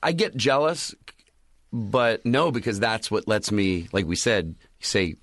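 Rambling low-voiced comedian telling club stories. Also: male voice, unhurried, dry recording. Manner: rambling, animated storyteller acting out club announcements. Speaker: stand-up comedian. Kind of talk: casual podcast chat.

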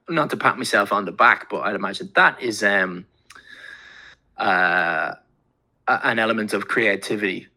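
A man's voice: on the low side, pushed and bright. A man speaking as a podcast guest in casual chat, rambling with lots of fillers and casual swearing.

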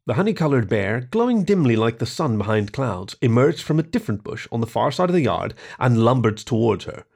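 A man narrating a short story in an expressive reading voice. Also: medium pitch, brisk, gravelly.

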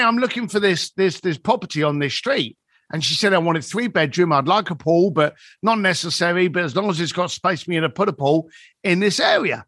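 A man in his fifties tells stories as a podcast guest, his voice sitting high and bright. He swings his pitch widely, acting out each quoted line. The sound is close and dry. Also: breathy edge, no echo. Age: 50s. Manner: animated storyteller acting out quoted dialogue. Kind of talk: storytelling in a podcast conversation.

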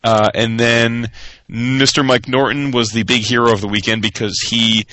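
A man co-hosting a casual podcast, talking in a rambling way with many fillers and pauses. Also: mid-range voice, little pitch movement, pushed and bright, dry recording. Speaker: podcast co-host. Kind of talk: casual chat.

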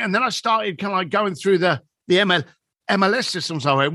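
Lively high-voiced man in his fifties. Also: fairly quick, no room sound, studio quality. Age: 50s. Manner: animated, acts out quoted dialogue. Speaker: guest, business coach. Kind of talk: conversational storytelling.

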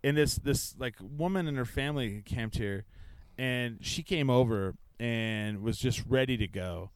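A man interviewing casually at an outdoor festival campground, telling stories in a rambling, quick way full of fillers. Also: medium pitch, clear, resonant tone, no echo, poor audio.

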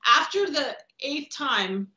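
Stunt woman guest, slightly high voice, animated, salty, recorded in an echoey room. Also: slow pace. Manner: animated, acts out quotes, swears freely. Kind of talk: casual podcast storytelling. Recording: roomy, dull lo-fi podcast audio.

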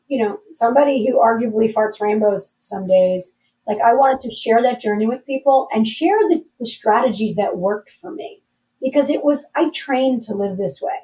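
A woman's voice: medium pitch, warm tone. A woman in her forties, a podcast guest telling a personal story candidly, earnest and emotional with self-deprecating humor. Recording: voice a bit distant from mic.

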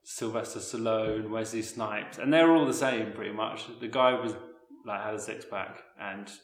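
A man, a guest chatting casually, relaxed, laughing often, filling his talk with "like" and "yeah". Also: on the low side, normal speed, roomy sound. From Northamptonshire and East London, England. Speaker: guest, movement coach. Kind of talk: casual interview.

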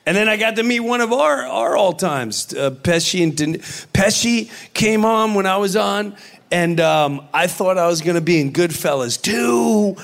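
A man with a Long Island New York accent, a comedian guest telling stories excitably and doing voices. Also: high voice, normal speed, gravelly. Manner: excitable, does voices, laughs through stories. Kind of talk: animated storytelling.

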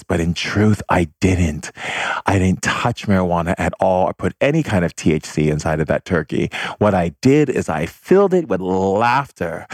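A man casually telling personal stories, lively, often acting out other people's voices with a raised pitch. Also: normal speed, dry recording, studio quality. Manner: animated, acts out others' voices in high pitch. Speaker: storyteller sharing personal anecdotes. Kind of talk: casual spoken storytelling.

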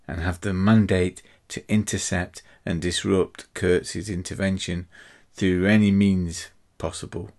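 A man voicing a male spy handler who briefs agents on a mission, in a brisk, measured way. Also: low voice, darkish tone.

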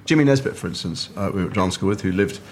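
Brief: middle-aged male actor from the north of England, low and quick, lively storyteller at a restaurant table, faint room ambience behind. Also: slight background noise. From north of England, Liverpool. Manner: animated storyteller who acts out quoted voices. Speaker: actor and guest. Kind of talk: casual chat over a meal.

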